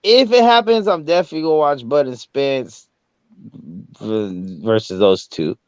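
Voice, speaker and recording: A man's voice: mid-range voice, animated, moderate pace, dry recording. A man co-hosting a casual boxing talk show, in laid-back slangy banter. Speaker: podcast co-host. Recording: dry, dull lo-fi sound.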